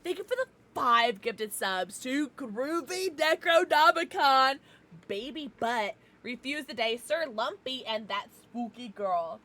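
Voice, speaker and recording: A young woman streamer chatting casually with her viewers from a home setup, loud, giggly and profane, her nose stuffed up from crying. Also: sits high, animated, slow. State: congested from crying. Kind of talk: casual livestream chat.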